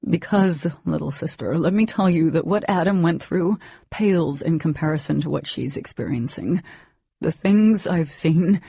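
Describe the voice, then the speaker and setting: A woman's voice: sits low, normal speed, gravelly, mellow, slightly rough, dry recording, full character voice. A woman voicing an intense young man who speaks in an earnest, pressing way. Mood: grave. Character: intense young man, grave older brother. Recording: dull lo-fi recording.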